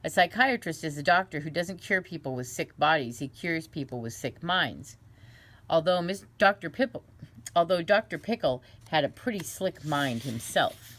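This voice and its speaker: A woman reading a children's book aloud in an unhurried, gentle way, with small slips and restarts. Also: deep voice, lively intonation. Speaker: reader.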